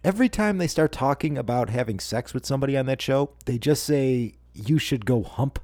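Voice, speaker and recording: A man chats as a podcast co-host, wandering through his points with fillers and dry asides. His voice is mellow and warm, and his pitch swings up and down a lot. The sound is close and dry, with no room in it. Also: expressive, a little fast, dry recording. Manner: rambling, wry, lots of fillers. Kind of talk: casual chat.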